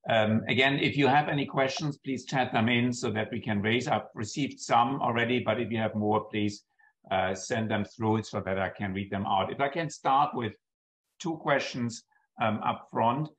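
A man's voice: medium pitch, normal speed, fairly bright tone, rough recording. A man moderating a seminar over a video call, reading out questions hesitantly with frequent ums.

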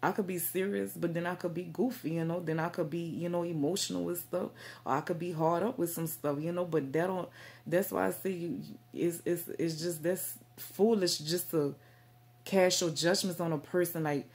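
A woman's voice: lowish voice, fairly even intonation, normal speed, darkish tone. A woman vlogging straight to camera about faith and herself, rambling and stumbling over her words with lots of fillers. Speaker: Christian vlogger. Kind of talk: casual direct-to-camera talk.

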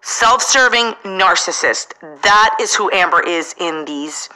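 Bright-voiced, indignant woman commentator. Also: mid-range voice, expressive, measured pace, rough recording. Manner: indignant, repeats "in my opinion". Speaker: drama commentary host. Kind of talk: opinionated reaction commentary.

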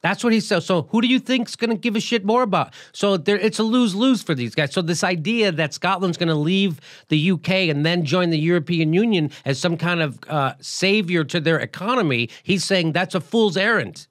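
A middle-aged male show host delivers political commentary with blunt, profane emphasis, speaking briskly with few pauses. His very animated voice sits a little higher than most men's, and the sound is dry and close with no room echo.

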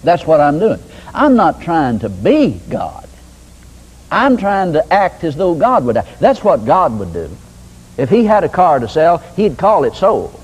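Husky-voiced older preacher, lively pitch. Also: male voice, unhurried, low-quality recording. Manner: folksy, conversational preaching with homespun examples. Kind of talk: sermon teaching.

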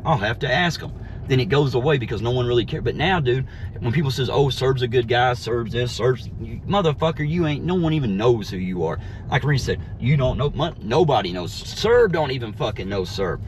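A man's voice: medium pitch, animated, fairly quick. A man ranting heatedly and mockingly while driving around, swearing constantly, recorded inside his car. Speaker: vlogger. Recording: faint road noise in a car. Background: faint vehicle noise.

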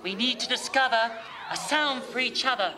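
An actress playing a cheerful female fairy wizard on a children's TV musical, bright and exclaiming as she talks and sings. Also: fairly high pitch, normal speed, a little hiss or hum. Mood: excited. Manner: bright, sing-song, exclaiming. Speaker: Wizzy, a fairy who casts spells.

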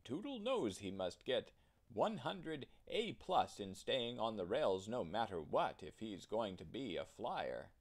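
A man's voice: on the low side, very animated, measured pace, exaggerated voice. A man voicing a stern old man who teaches young locomotives, in a storybook read-aloud. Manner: firm and stern.

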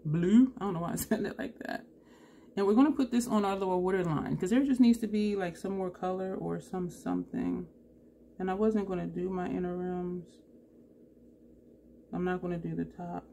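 A woman's voice: lowish voice, fairly even intonation, moderate pace, creaky, mellow, slight background noise. A woman vlogger chatting through a makeup tutorial, thinking aloud and correcting herself as she goes. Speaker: beauty vlogger.

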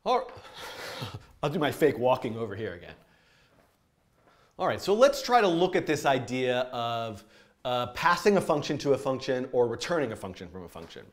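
A man's voice: medium pitch, sing-song, normal speed, long pauses. Man teaching code, chatty and self-interrupting. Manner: chatty and self-interrupting, with frequent fillers and laughs. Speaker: programming teacher. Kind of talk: live-streamed coding tutorial.

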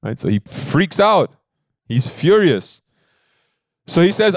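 A man's voice: on the high side, sing-song, takes it slowly, no room sound, clean studio sound. A man giving a devotional sermon as a spiritual teacher, telling a story in an emphatic, conversational way and often checking in with his listeners.

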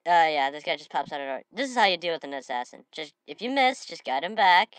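A slightly sniffly woman giving excitable gameplay commentary, breaking into shouted trash talk. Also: low-pitched, fast talker, smooth, no room sound. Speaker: gamer.

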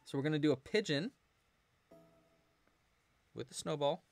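A man's voice: on the high side, lively intonation, moderate pace, vocal fry, a little mellow, faint music behind. A man hosting a live crochet tutorial stream, chatting casually, thanking donors and answering the chat. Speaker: crochet livestream host.

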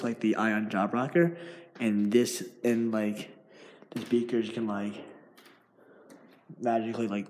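A man's voice: medium pitch, darkish tone. A young man vlogging while walking through an empty house, rambling with many fillers and restarts. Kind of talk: casual vlog. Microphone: handheld device.

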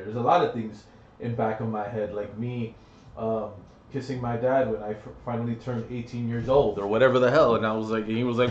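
A young man talking straight to the camera in a loose, rambling vlog. He swears a lot and cracks crude jokes. His delivery lurches from loud bursts to low, trailing mumbles. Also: highs cut off, a little hiss or hum. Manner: profane, jokey, swings between loud outbursts and mumbling. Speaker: vlogger. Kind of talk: rambling comedic monologue vlog.

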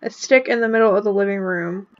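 A young woman giving casual, excitable commentary over a video game, often breaking into laughter. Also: mid-range voice, quick pace, muffled recording. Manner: giggly, excitable, shrieks with laughter. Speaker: gaming vlogger.

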